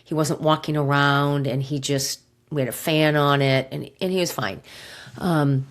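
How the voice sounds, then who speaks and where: A middle-aged woman hosting a podcast, telling a personal story in an emotional, halting way with sighs and pauses, close to tears. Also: low voice, fairly even intonation. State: near tears. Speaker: podcast host.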